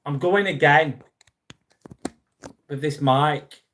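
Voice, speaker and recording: A man's voice: on the high side, takes it slowly, a bit bright. A young man, chatting bluntly on a live stream, reading and answering viewer comments and swearing freely. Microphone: phone.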